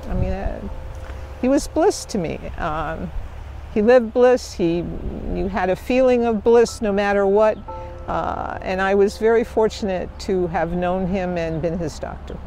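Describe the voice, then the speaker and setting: Woman, mellow tone, slow hesitant doctor's testimony. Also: mid-range voice, faint music behind. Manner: hesitant, searching for words. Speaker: doctor recalling a patient. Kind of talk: reflective testimony.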